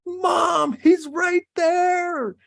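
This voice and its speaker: A man voicing an excited little boy who yells from the back seat of a car. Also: moderate pace, exaggerated voice. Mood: excited yelling. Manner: shrill, yelling.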